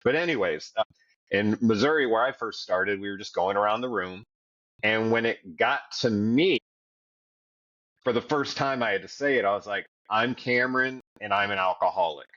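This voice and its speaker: This podcast co-host tells his sobriety story in a frank, foul-mouthed way during a candid recovery conversation. He speaks at normal speed in a lowish, slightly bright voice, captured on a muffled recording.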